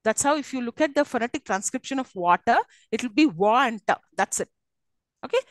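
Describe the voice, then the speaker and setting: A woman's voice: on the high side, animated, a little fast, dry recording. Indian woman teaching English phonetics. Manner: explains with frequent checks to students, encouraging. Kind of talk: classroom lecture on English phonetics. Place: classroom.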